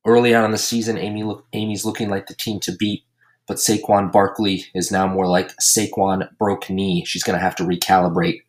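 Low-voiced dude hosting a podcast, crude deadpan jokes, casual recap. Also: male voice, a little fast. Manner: crude joking, deadpan roasting. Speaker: podcast host and league commissioner.

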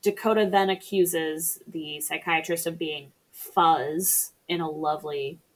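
A woman's voice: low-pitched, steady tone, unhurried. A woman casually recapping a film on a podcast, chatty and sarcastic, swearing freely. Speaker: podcast co-host or guest. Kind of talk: casual movie recap chat.

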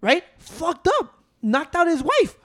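A man's voice: very high-pitched, big pitch swings, slow pace, fairly bright tone. A man, co-hosting a casual, profane debate and insisting on finishing his point through interruptions. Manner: insistent, keeps restarting to hold the floor. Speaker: podcast co-host.

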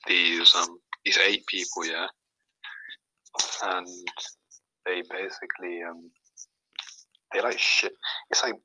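A man's voice: low-pitched, pushed and bright, no room sound, rough recording. A young man, a podcast guest chatting casually and rambling with lots of fillers. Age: young adult. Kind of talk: casual chat.

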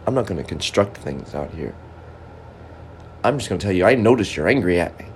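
Lively low-voiced man rambling aloud. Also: fairly quick, a little hiss or hum. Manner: stop-start, musing aloud, scolds an object then drifts off. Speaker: amateur comedian. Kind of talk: rambling improvised monologue.

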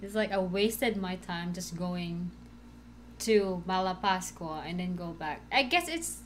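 A woman co-hosting a casual chat, speaking haltingly with fillers. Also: fairly low pitch, animated, slight background noise. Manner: halting, slow, with fillers and laughs.

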